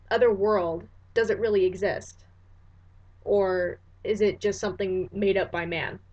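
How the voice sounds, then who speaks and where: A woman's voice: mid-range voice, darkish tone. Woman reciting and explaining verse, lo-fi. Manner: slangy, conversational asides between recited verses. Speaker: poetry explainer. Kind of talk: casual explanation with dramatic poem recitation.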